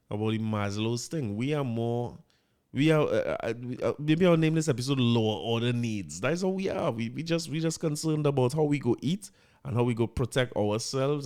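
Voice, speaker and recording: A man's voice: mid-range voice, darkish tone, smooth. A man with a Trinidadian accent hosting a podcast, talking casually in a rambling way, slipping into local dialect and often restarting his sentences. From Trinidad and Tobago. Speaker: podcast host. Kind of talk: casual monologue.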